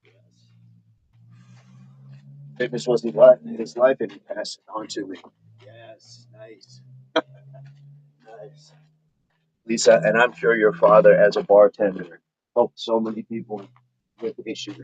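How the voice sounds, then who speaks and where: A man's voice: fairly low pitch, level tone, unhurried, long pauses, husky. A middle-aged man hosting a fitness livestream outdoors, reading viewer comments aloud and counting out his reps between casual remarks. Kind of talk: casual livestream chat while exercising. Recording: dull lo-fi sound with faint noise.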